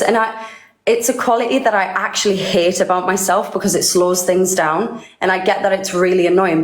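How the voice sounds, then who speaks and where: A woman in her thirties, a singer being interviewed, chatting casually with a bubbly, giggly manner. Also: fairly low pitch. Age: 30s. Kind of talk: casual live-stream chat. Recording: echoey room.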